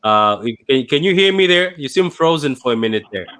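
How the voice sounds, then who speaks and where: A man's voice: fairly high pitch, animated, fairly bright tone, clear, resonant tone. Gutted man hosting a fan livestream. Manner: dejected, repetitive, halting with many restarts. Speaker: fan channel livestream host. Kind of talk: emotional post-match fan livestream.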